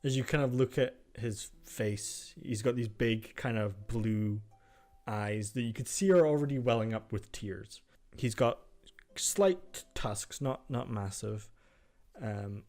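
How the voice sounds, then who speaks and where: A man's voice: on the low side, unhurried, a little mellow. A man narrating a tabletop game as game master, describing scenes with frequent ums.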